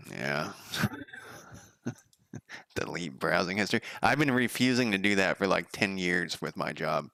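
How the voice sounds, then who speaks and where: A man's voice: deep voice, lively intonation, normal speed, creaky, pushed and bright, clean tone, no echo. A man streaming as a game developer, talking through his code in a loose, sardonic, profane ramble. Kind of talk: casual live coding commentary.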